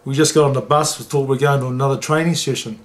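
A man, a former rugby league player telling an emotional story in an interview and getting lively when he quotes others. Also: medium pitch, quick pace. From New Zealand.

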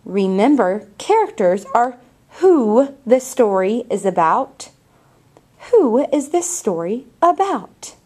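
A woman teacher reading a picture book aloud to young children and asking them questions in a clear, patient way. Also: on the high side, big pitch swings, takes it slowly, a little mellow.

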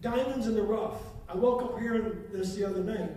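A man with a very high voice delivers a fervent sermon, hammering phrases again and again. He sounds set back from the microphone, and his words ring through a big, echoing church hall. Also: fairly quick, warm tone. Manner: fervent, repeating phrases for emphasis. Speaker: pastor. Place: church sanctuary. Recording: echoey hall, voice from far off.

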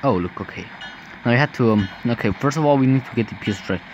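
A man's voice: mid-range voice, rapid-fire, muffled recording, slight background noise. A young man commenting casually on a game, hesitant and full of ums. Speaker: gameplay commentator. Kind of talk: let's play commentary.

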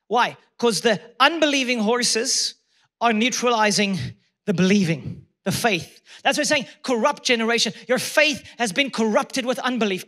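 Male preacher, very high bright voice, repetitive emphatic sermon delivery. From South Africa. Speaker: pastor.

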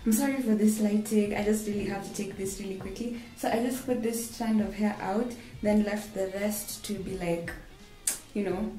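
A young woman with a warm, mid-range voice chats casually to her camera in a home bathroom vlog, poking fun at herself and laughing often. The camera sits nearby, and background music plays clearly beneath her voice.

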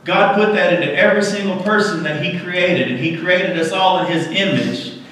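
A man's voice: high-pitched, normal speed, fairly bright tone, distant mic. A male pastor preaching a sermon in a conversational, folksy way with touches of humor, in a church sanctuary. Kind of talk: sermon with storytelling. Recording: echoey church hall from afar.

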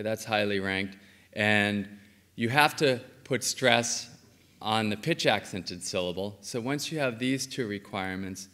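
A man's voice: mid-range voice, a bit bright. A man giving an academic conference talk on linguistics, explaining step by step with frequent ums and uhs. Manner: explanatory, frequent ums and uhs, says okay between points. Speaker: linguistics lecturer. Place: lecture hall. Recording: reverberant hall.

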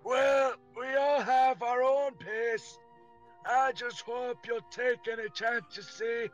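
Casting note: polite young schoolgirl with a put-on Scottish accent, high strained falsetto, slow and drawn-out, as a man does her for a game. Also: fairly even intonation, dull audio, faint music behind. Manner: slow, drawn-out line reading.

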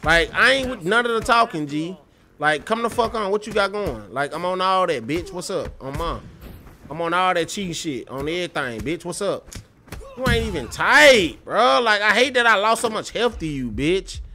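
A man's voice: sits high, sing-song, moderate pace. A young man streaming a fighting game, cursing, trash-talking enemies and venting frustration to chat, with speech. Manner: profane, trash-talking and frustrated, with loud outbursts. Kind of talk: gameplay livestream commentary.

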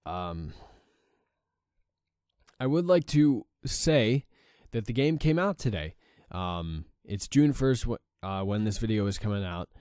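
A man's voice: on the low side, a little mellow, no room sound, studio quality. Exhausted, swearing young man gaming. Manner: swears often, frustrated at the game. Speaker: gaming channel host. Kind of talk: let's play commentary.

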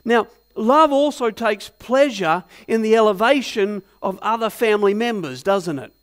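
A man's voice: sits high, normal speed. A man preaching a sermon as pastor in a church, asking the congregation many rhetorical questions and telling stories with animation. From Australia. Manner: animated storytelling.

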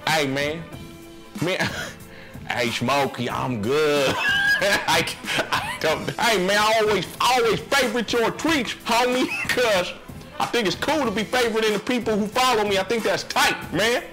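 A man's voice: sits high, unhurried, over music, voice pushed up. Man impersonating streetwise rapper, raised and exclaiming. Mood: indignant. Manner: slangy, exclaiming. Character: gruff West Coast male rapper, streetwise.

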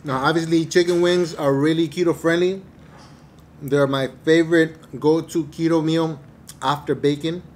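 A man doing a casual eating review to camera, relaxed and hesitant, with many fillers and chewing pauses, a little away from the mic. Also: fairly high pitch, slight background noise. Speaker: mukbang vlogger. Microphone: camera mic at table distance.

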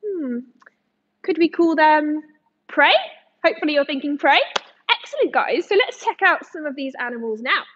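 A woman's voice: high voice, lively intonation, normal speed, a bit bright, dull audio. A woman from England, an aquarium educator, giving a live lesson to young children in a sing-song, encouraging way, speaking in front of a tank at the aquarium.

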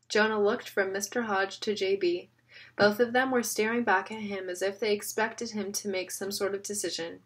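A woman narrating a novel in a steady storytelling manner. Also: medium pitch, moderate pace, husky. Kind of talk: audiobook reading.

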